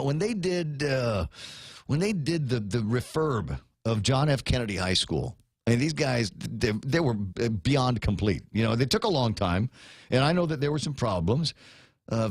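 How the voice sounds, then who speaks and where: A man hosting a talk radio show, ranting in an animated, conversational way. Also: medium pitch, moderate pace, no room sound, clean studio sound.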